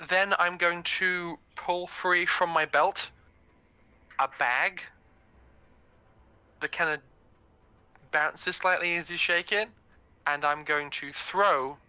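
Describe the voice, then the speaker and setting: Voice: medium pitch, pushed and bright, clean tone, no room sound, muffled recording. A player in a tabletop game describing their character's actions, stumbling and repeating words.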